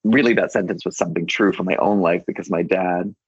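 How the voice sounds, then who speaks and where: A man's voice: low-pitched, fairly even intonation, fast talker, slightly rough, no echo, highs cut off. A man guest on an author interview, telling a rambling story full of restarts and quoted dialogue. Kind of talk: casual anecdotal storytelling.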